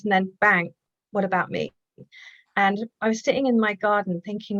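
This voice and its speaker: A woman guest telling a personal story in conversation, earnest and reflective, often halting and restarting. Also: on the high side, dry recording, muffled recording. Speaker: guest, healer and author.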